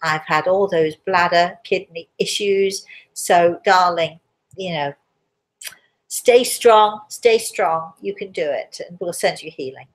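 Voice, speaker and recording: A hoarse woman with a cough, hosting a live spiritual Q&A, chatty and reassuring, calling listeners darling. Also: on the low side, steady tone, measured pace. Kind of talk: live-stream chat answering viewers.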